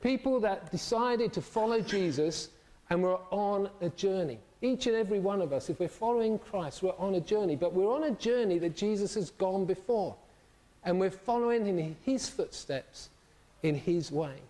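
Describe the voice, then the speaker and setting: A man's voice: high voice, expressive, normal speed, dark tone. A middle-aged man preaching a sermon, telling stories animatedly and acting out the voices of the people in them.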